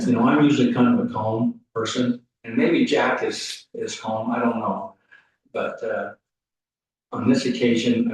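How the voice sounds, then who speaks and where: A man giving a rambling, folksy eulogy at a funeral service, full of halting restarts. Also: fairly low pitch, darkish tone. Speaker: funeral speaker. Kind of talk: eulogy storytelling. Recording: echoey hall, mic off at a distance.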